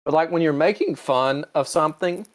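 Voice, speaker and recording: Profane, animated man on a podcast. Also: fairly high pitch, a little fast. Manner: animated, profane, slips into mocking voices. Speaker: podcast co-host. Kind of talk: casual chat.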